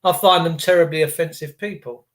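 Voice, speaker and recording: A rambling, chatty man with a high-pitched voice, hosting a casual live stream. He talks loosely and teasingly, greeting his viewers one by one. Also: fairly even intonation, a little fast. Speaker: livestream host.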